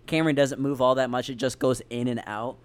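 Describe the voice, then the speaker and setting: A man's voice: medium pitch, steady tone, fairly quick, smooth. A man co-hosting a podcast in casual chat, enthusiastic and swearing freely. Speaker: podcast co-host.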